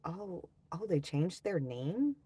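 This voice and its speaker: A woman's voice: on the low side, big pitch swings, takes it slowly, warm tone, breathy edge. A young woman chatting casually on a livestream, blunt and profane as she rants and reads comments. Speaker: livestream host.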